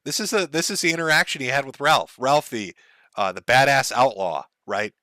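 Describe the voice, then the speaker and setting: A man's voice: mid-range voice, fairly quick, pushed and bright, no room sound. A man hosting a commentary show, mocking the clips he plays with sarcasm and laughter. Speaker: commentary host.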